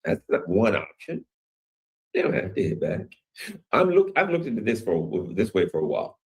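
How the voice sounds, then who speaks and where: A man's voice: lowish voice, sing-song, moderate pace. A man hosting his own news commentary channel, talking in a rambling, emphatic way and acting out what other people say. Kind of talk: opinionated solo commentary.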